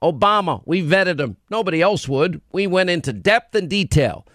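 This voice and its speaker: A man's voice: sits high, expressive, normal speed, a bit bright, dry recording, studio quality. A male talk show host in an opinionated radio monologue, combative and sarcastic, rattling off lists of grievances.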